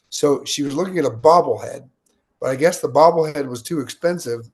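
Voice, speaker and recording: A man's voice: on the high side, brisk. A man from the United States, a guest in an interview, telling stories with energy and acting out the lines of people in them. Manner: energetic, animated storyteller acting out quotes. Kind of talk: interview storytelling.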